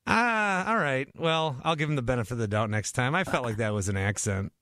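A man's voice: medium pitch, lively intonation, fairly quick, sharp tone, no room sound. A male sports radio host talks on a dry studio mic. He is chatty and casual, laughing along with callers and often restarting his sentences as he goes. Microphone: studio microphone.

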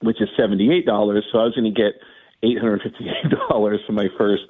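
A man's voice: fairly low pitch, fairly quick, husky, narrow, tinny audio. A male comedian telling a story as a guest and acting out the people in it. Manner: lively anecdote-teller who acts out the people he quotes. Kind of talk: animated storytelling.

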